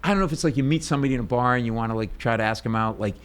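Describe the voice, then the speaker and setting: Brief: a comedian guest in an interview, a mid-pitched man who tells stories excitably and acts out the other people in them. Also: very fast. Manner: excitable, acts out voices, bursts into shouts. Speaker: stand-up comedian and podcast host, interview guest. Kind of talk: animated storytelling.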